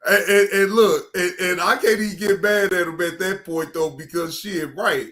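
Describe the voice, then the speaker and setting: A man hosting a reaction video, commenting casually in slow, rambling, exasperated asides. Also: sits high, steady tone, fairly bright tone.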